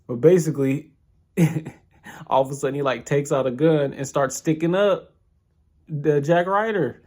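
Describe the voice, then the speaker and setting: A young podcast reviewer casually recaps an audio drama episode, rambling and thinking aloud with many restarts. His voice is on the high side, a little slow and a little mellow.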